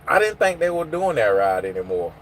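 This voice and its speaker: A man's voice: mid-range voice, very animated, fairly quick, slight background noise. A man hosting a casual livestream from his phone, rambling and answering viewers' comments. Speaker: livestream host. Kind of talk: casual live chat with viewers.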